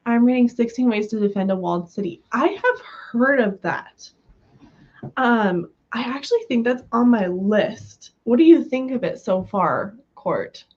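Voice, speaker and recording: Expressive and fairly high-pitched, with a darkish tone, this West Coast livestream host talks a little slowly and giggles her way through filler-heavy chat with viewers after recently recovering from illness. The audio's highs are cut off.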